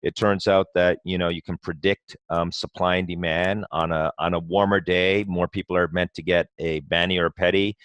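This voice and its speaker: A man with a lowish voice talks passionately as a podcast guest, piling up "you know" and starting sentences over as he goes. The sound is dry and close, with almost no room echo. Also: flat delivery, moderate pace, hardly any pauses, a bit bright, clear, resonant tone. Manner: passionate, talks in long runs full of "you know" and restarts. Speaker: guest, company co-founder. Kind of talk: conversational podcast interview.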